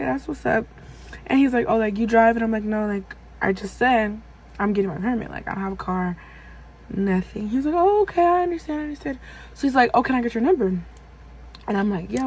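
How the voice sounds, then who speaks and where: Husky young woman telling a story. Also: mid-range voice, low-quality recording. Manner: chatty, lots of fillers, acts out quoted dialogue. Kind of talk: casual storytime.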